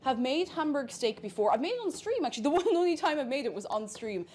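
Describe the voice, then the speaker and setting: A woman's voice: high voice, very animated, fast talker, darkish tone. A woman streamer chatting casually and playfully while she cooks, rambling from one thought to the next. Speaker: cooking streamer.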